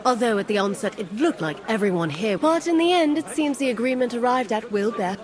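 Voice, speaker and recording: A woman's voice: a little high, lively intonation, fairly quick, a faint crowd, lightly acted. An actress playing a pious medieval noblewoman, speaking in a dry, curt manner. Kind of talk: video game voice acting.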